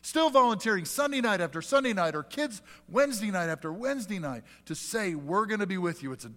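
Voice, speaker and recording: A man's voice: sits high, animated, fairly quick, bright, forceful tone. A man in his forties, a pastor preaching a sermon in a church sanctuary, earnest and fond of rhetorical questions. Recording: long hall reverb.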